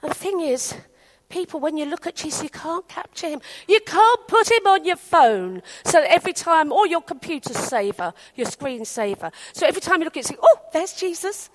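A woman's voice: high voice, a little fast. A woman from England preaching a sermon in a chatty storytelling way, acting out the people in her anecdotes. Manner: chatty, animated, acts out quotes.

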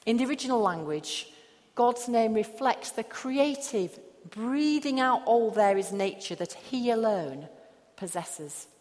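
A woman pastor preaching a sermon, slow and emphatic with long pauses. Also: fairly high pitch, animated, a little mellow. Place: church hall. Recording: echoey hall.

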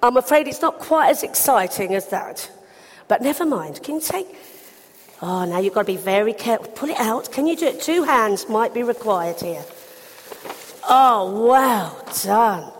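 A woman giving an animated, expressive children's talk in church. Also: fairly high pitch, normal speed, big-room sound, slight background noise.

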